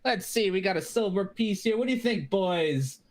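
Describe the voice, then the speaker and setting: A man's voice: sits high, animated, moderate pace, voice pushed up. A man voicing a chatty male gnome who teases tourists, stammering and joking. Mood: amused, chatty. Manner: jokey, stammering repeats.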